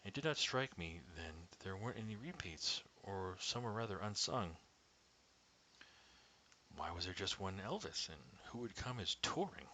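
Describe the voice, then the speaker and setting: Brief: man, low voice, measured first-person storytelling, slips into hushed whispers, faint hiss. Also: rough recording. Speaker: storyteller reading his own story.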